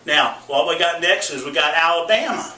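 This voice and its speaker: Bright and pushed, this man's higher-leaning voice moves at a normal speed as he delivers a folksy comic explainer, whooping yeehaw, making goofy noises, and repeating a teacher-like okay after each point. He's a comedic vlogger, heard far from the mic in an echoey room with slight background noise.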